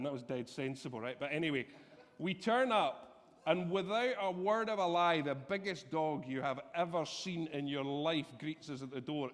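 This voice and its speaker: A man preaching a sermon, telling a personal story in an animated, self-deprecating way. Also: a little high. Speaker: pastor. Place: church hall. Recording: long reverb from a church hall.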